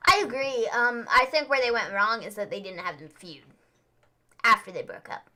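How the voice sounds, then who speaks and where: A woman's voice: a little high, normal speed, sharp tone. A young woman co-hosting a live wrestling watchalong, chatting casually and filling her talk with "like". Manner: chatty, lots of "like". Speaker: co-host.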